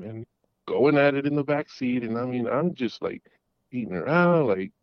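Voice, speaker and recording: A man's voice: mid-range voice, expressive, no room sound. Middle-aged male caller, dull lo-fi call. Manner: rambling, halting, with many restarts and fillers. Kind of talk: casual storytelling. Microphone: phone call.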